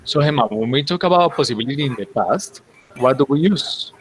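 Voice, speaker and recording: A man's voice: medium pitch, expressive, brisk. A man teaching an English class, explaining patiently step by step and checking in with his students often. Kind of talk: online class instruction.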